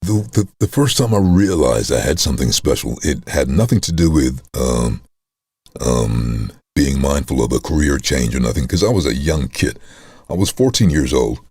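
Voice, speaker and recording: Very deep-voiced animated storyteller man. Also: normal speed, slightly rough, dry recording, clean studio sound. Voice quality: very deep resonant chest voice. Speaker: voice-over artist guest. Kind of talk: casual interview storytelling.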